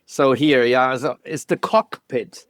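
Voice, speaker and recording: A man with a German accent, a guest photographer telling stories in a casual interview, halting and restarting often with small laughs. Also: mid-range voice, fairly bright tone, dry recording, studio quality.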